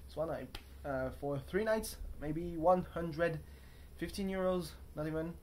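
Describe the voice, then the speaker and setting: A man's voice: a little high, unhurried, darkish tone, a little hiss or hum. A young man talking to camera from a hotel room in a casual, rambling vlog, chatty and self-mocking as he wanders off on tangents. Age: young adult. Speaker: vlogger.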